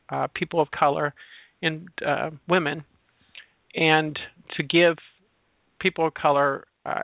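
A man's voice: a little high, creaky, no room sound. A man who works as a transgender educator, explaining his views in a searching, reflective way and leaning on personal examples. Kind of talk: spoken reflection on labels. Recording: tinny, dry phone-line sound.

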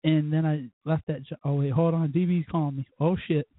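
A man hosting his own show, telling rambling, profane stories in a casual drunken way, with sudden loud bursts. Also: fairly high pitch, fairly even intonation, a little fast, phone-quality sound. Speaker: podcast host.

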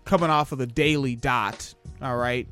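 A man's voice: medium pitch, steady tone, normal speed, fairly bright tone, soft background music. A man hosting a casual news podcast, sarcastic and profane as he reacts to clips. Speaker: podcast host.

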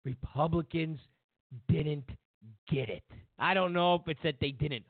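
A man's voice: on the high side, unhurried, dry recording. A man hosting a political commentary show, mocking and sarcastic, repeating lines for emphasis. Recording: tinny phone-like sound.

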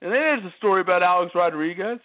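A fast-talking, animated man with a high-pitched voice hosts a sports talk show, pounding away at the same lines in an emphatic, repetitive rant. The audio has a tinny phone-line quality.

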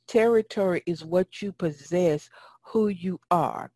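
A woman's voice: on the low side, measured pace, warm tone, husky, dry recording. A woman giving a Bible teaching in a folksy, emphatic way and reading scripture aloud. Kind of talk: sermon teaching.

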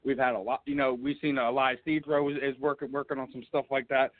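A man's voice: mid-range voice, flat delivery, quick pace, no room sound. A man with a Philadelphia accent hosting a casual interview, easygoing and chummy. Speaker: radio show host. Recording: dry, phone-like band.

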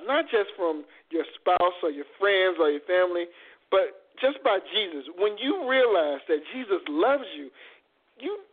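Fervent male co-host, very high voice, stumbling restarts, tinny line. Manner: fervent, repetitive, stammering restarts. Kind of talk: impassioned faith talk. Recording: phone-like lo-fi audio.

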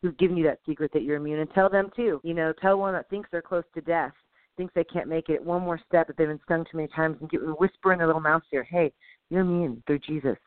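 A woman co-hosting a casual faith podcast, exhorting listeners in a lively, preachy way. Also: low-pitched, quick pace, dry recording, phone-quality sound. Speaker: co-host.

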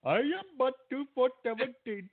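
A man's voice: very high-pitched, expressive, moderate pace, pitched above the performer's own voice, full character voice. A man putting on an Indian accent to play a stiff, formal male bot fan, recorded on a phone-like line. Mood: eager. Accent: put-on Indian accent. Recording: phone-like lo-fi audio.

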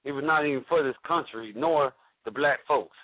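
Male caller in a heated on-air argument, halting delivery, dry phone-line audio. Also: mid-range voice, no echo. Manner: halting, stumbles and restarts while arguing. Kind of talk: heated call-in radio debate.

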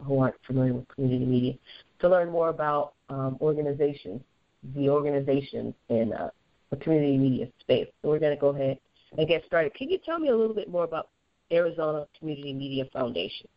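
A woman's voice: low-pitched, fast talker, dry recording. A woman from Georgia with a Southern accent mixed with Midwestern sounds, hosting a casual interview in a chatty, self-deprecating way with many fillers. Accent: Southern US mixed with Upper Midwest. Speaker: podcast host. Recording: muffled lo-fi recording.

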